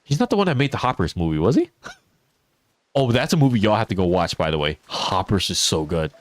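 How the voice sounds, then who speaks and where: A man's voice: lowish voice, sing-song, a little fast, no room sound. A man streaming a farming game, chatting casually with his viewers, answering chat and laughing often. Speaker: teacher. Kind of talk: casual live-stream chat while gaming.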